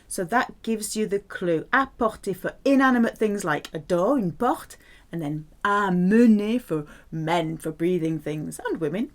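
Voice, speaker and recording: A woman with a French accent teaching a playful grammar lesson, spelling out words and repeating French examples slowly. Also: mid-range voice.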